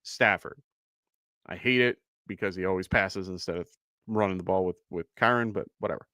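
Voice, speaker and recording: A man hosting a live fantasy football stream, chatty and quick to laugh as he thanks viewers. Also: low voice, sharp tone, no room sound, studio quality. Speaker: fantasy football show host. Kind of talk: live-stream casual chat.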